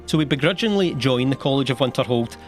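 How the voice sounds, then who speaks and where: A young man narrating a comedic video game summary, sarcastic and animated, swearing casually and laughing between lines. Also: mid-range voice, fast, faint music behind.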